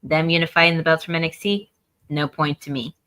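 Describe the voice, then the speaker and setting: A woman co-hosting a casual podcast, recapping events in a brisk, matter-of-fact way. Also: sits low, little pitch movement, fairly bright tone. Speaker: co-host of a wrestling review show.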